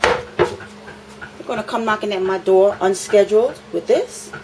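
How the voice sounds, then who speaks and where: A woman's voice: mid-range voice, measured pace, darkish tone, slight background noise, poor audio. A woman, filming an impassioned complaint in her apartment, talking indignantly and repeating phrases for emphasis.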